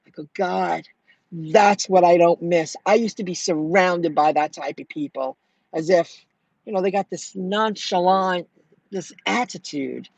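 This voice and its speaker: A middle-aged woman telling viewers about her delivery rounds in a chatty, animated way, acting out what people said. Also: fairly low pitch, a little slow, vocal fry, husky, no echo. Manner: chatty, animated retelling with quoted dialogue. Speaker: food delivery driver vlogger. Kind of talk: casual storytelling to viewers.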